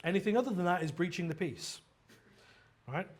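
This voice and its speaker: A man with a high voice delivers an earnest, explanatory sermon. He often trips over a word and starts again, tossing in a quick "right?" to bring the listeners along. He slips into lively quoted lines when he gives a figure's words. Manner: earnest expository preaching with frequent restarts and "right?" asides. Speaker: pastor.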